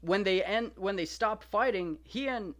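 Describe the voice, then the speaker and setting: A man's voice: high voice, unhurried. A young man hosting a show, casually and playfully retelling and commenting on an ancient epic, slipping into slangy voices for the characters. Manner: animated, jokey, paraphrases characters in slangy quoted voices. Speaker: podcast host reading and discussing a classic epic.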